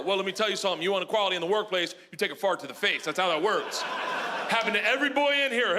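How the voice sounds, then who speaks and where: Loud, rowdy middle-aged stand-up comic. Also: male voice, expressive, quick pace. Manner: loud, rowdy storytelling, acts out his daughters in high voices. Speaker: stand-up comedian. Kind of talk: stand-up comedy set. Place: comedy club stage with audience. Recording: live club recording with room noise.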